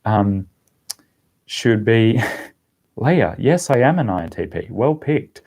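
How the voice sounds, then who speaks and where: A man's voice: on the low side, slow, creaky. A young man casually chatting on a livestream and answering viewer questions, rambling with lots of ums. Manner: relaxed, rambling, with frequent ums and laughs. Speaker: language-learning YouTuber answering live chat.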